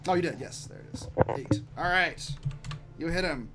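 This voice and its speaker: A man's voice: a little high, moderate pace, heavy background noise. A man running a tabletop game online as game master, loose and chuckling, with many ums.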